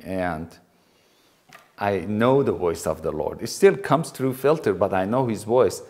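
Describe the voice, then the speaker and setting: A man's voice: lowish voice, lively intonation, measured pace. A middle-aged man from Iran, teaching in an earnest talk with frequent restarts. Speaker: Christian teacher.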